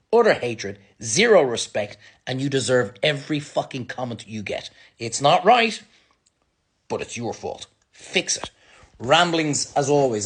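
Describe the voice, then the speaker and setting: An angry, sweary man with an Irish accent, a restaurant owner ranting bluntly to camera in a vlog monologue. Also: mid-range voice. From Ireland.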